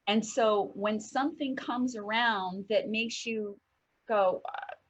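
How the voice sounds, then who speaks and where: A woman co-hosting a heartfelt discussion show, telling stories in an animated way and acting out quotes. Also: on the high side, slow pace, low-quality recording. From northern United States. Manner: animated storyteller, acts out quotes. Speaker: co-host.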